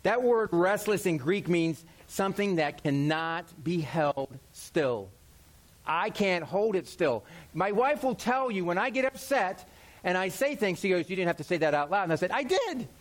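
Lively high-voiced male pastor preaching. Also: moderate pace. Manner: animated, acts out quoted voices, self-deprecating humor. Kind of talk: sermon.

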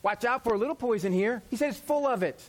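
A middle-aged male pastor preaching with a noticeably high voice. He is animated and conversational, slips into quick acted-out voices, and jokes at his own expense. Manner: animated, acts out quoted voices, self-deprecating humor. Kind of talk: sermon.

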